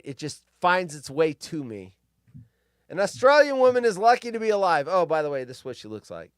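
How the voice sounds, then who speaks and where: A man's voice: mid-range voice, smooth, no echo, studio quality. A man hosting a live stream, reading news stories aloud in casual commentary with crude, rambling asides and frequent swearing. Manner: animated, jumps between loud outbursts and mutters.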